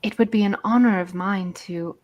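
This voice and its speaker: A gracious female jungle guide speaks in courteous, formal sentences with a British accent, as a woman puts her on. Her pitch is middling, and the phrasing is polished and polite. She sounds well mannered and sure of herself. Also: fairly even intonation, normal speed, darkish tone, highs cut off, natural voice. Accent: British, put on.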